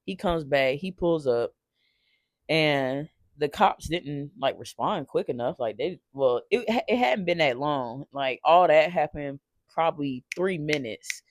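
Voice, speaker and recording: A man telling a painful personal story off the cuff, emotional and halting, swearing and restarting often. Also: a little high, animated, no echo. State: shaken while recounting.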